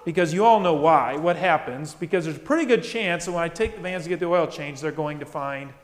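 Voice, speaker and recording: Fairly high-voiced male preacher. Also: a little fast, roomy sound, in a large hall. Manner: emphatic, repeats key phrases. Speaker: pastor. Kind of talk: sermon.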